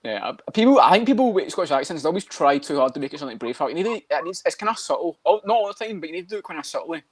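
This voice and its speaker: Man, rapid casual chat, somewhat high voice, laughs a lot. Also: big pitch swings, husky. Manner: fast, laughing, quotes fighters. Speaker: podcast co-host.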